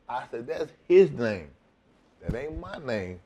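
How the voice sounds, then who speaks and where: A middle-aged man and former wrestler telling a profane, animated story in a shoot interview, laughing as he goes. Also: mid-range voice, takes it slowly.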